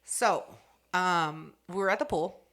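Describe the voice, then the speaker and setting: A young woman on a podcast telling a story in casual, profane chat, acting out quotes with big jumps in loudness. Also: fairly low pitch, slow. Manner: animated, profane, acts out quotes loudly. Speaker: podcast host.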